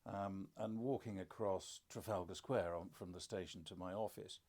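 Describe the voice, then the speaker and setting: A man's voice: low voice, fairly even intonation, normal speed, a little mellow. An older man, a podcast co-host and father, telling stories in casual conversation with dry, self-deprecating humour.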